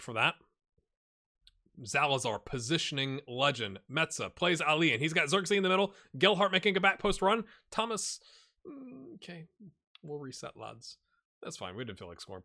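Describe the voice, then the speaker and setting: A man in his forties talks through a video game in a loose, rambling way, often poking fun at himself. His voice is bright and forward, and it carries a lively edge. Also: fairly high pitch. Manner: rambling, self-deprecating, chatty. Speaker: gaming YouTuber. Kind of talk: casual let's-play commentary.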